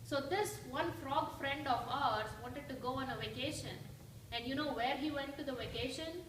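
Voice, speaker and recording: Speaking at a normal pace in a high, fairly bright voice, a guest speaker gives a devotional talk at church, weaving in a story and questioning her listeners. The echoey hall is captured from far away, and there's a bit of background noise.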